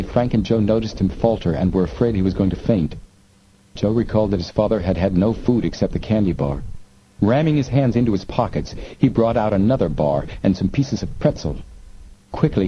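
A man narrating an audiobook in a measured, steady manner. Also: on the low side, lo-fi sound, slight background noise. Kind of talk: scripted narration.

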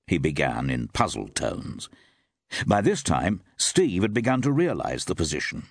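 A man narrating an audiobook story in a measured, lively way. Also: very deep voice, creaky, breathy edge, no room sound, clean studio sound. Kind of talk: scripted narration.

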